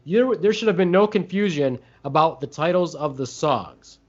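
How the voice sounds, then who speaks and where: A man on a podcast, chatting in a joking, rambling way with a lot of fillers. His voice sits a bit high for a man, and the recording is dull and lo-fi. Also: lively intonation, normal speed. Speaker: podcast co-host. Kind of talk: casual chat. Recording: dull lo-fi sound.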